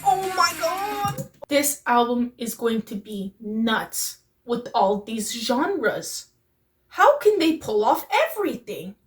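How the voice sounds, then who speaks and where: A young woman hosting a reaction video, gushing in excitable, slangy exclamations as she reacts. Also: a little high, slow pace. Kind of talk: excited casual reaction commentary. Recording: distant mic with music playing behind.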